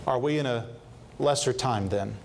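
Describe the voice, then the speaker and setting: In a mid-range voice with a slight hiss or hum in the background, a male pastor preaches earnestly. He often pauses with fillers, restarts phrases, and slows to dwell on scripture quotes.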